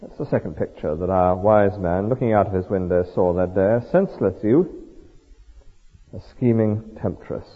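A man with a slightly husky voice delivers a sermon, his pitch rising and falling a great deal as he explains scripture verse by verse. The sound is thin and tinny, like a phone line. A long reverb hangs around him, as in a large hall. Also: normal speed. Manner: lively, explanatory, reads verses aloud and comments on them. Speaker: preacher.

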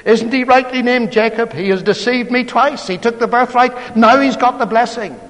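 A preacher voicing a bitter, pleading elder son. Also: male voice, extremely high pitch, normal speed, fairly bright tone, voice pushed up. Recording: long hall reverb.

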